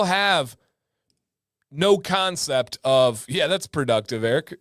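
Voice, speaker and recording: A man in his thirties hosting a casual livestream, chatting with viewers and telling stories with lively sound effects. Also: fairly high pitch, slow, no echo, clean studio sound. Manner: animated storyteller with sound effects. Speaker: livestream host.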